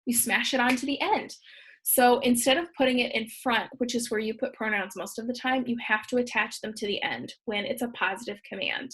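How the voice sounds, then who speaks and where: A woman's voice: fairly high pitch, brisk, fairly bright tone, breathy edge. A woman, a Spanish teacher, explaining grammar patiently step by step in a recorded slideshow lesson.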